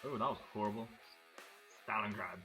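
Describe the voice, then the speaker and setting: Male let's-play commentator, crisp bright tone, loose and chatty. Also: medium pitch, moderate pace, soft background music. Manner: chatty, thinking aloud, excited at explosions. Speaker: gameplay commentator.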